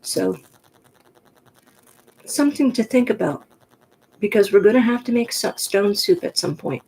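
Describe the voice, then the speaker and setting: A woman from the New York Pocono area with a gruff voice, rambling frankly in a casual monologue to the camera. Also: mid-range voice, animated, a little slow, darkish tone, low-quality recording. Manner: chatty, digressive, frank. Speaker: vlogger.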